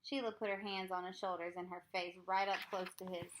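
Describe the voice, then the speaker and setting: A woman reading a children's book aloud, with clear, unhurried storytelling. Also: fairly low pitch, level tone, noisy background. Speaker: reader.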